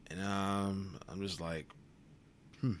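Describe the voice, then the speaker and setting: A man's voice: low voice, level tone, slow pace, slight background noise. A worn-out young man hosting a solo podcast, rambling wearily and swearing freely, sometimes dropping to a whisper. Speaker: podcast host. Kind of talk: solo reflective monologue.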